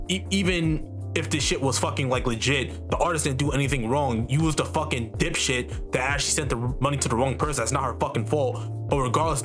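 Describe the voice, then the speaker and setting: A man delivering a heated, profanity-filled rant to camera, swearing constantly and repeating himself. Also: mid-range voice. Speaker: artist and vlogger. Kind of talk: profane ranting monologue. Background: faint background music.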